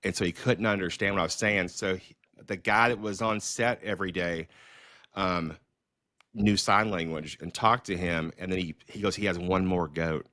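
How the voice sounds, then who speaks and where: A middle-aged man with a lowish voice tells stories in loose, animated conversation. He restarts sentences and fills pauses often. The sound is dry and close, with no room around it. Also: no echo. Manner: animated storyteller, many fillers and restarts. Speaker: filmmaker and podcast host. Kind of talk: casual storytelling conversation.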